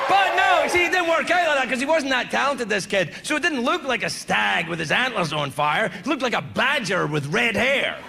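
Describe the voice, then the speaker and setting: Male comedian yelling and cussing onstage, high gravelly voice, crowd noise all over. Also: a little fast, few pauses. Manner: loud, animated, heavily profane delivery. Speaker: stand-up comedian. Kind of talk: stand-up comedy set. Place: comedy venue before an audience. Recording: live club with crowd and noise.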